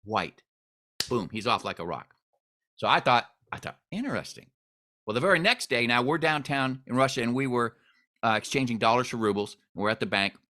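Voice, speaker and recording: Male host, animated storyteller, very lively pitch, bright tense tone. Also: brisk. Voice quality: expressive storyteller, swings in pitch and volume.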